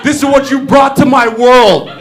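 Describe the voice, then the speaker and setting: A man's voice: very high-pitched, moderate pace, faint music behind, a faint crowd, pitched above the performer's own voice. A man voicing a contemptuous, taunting male God who sneers at people. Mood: mocking. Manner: sneering, mocking.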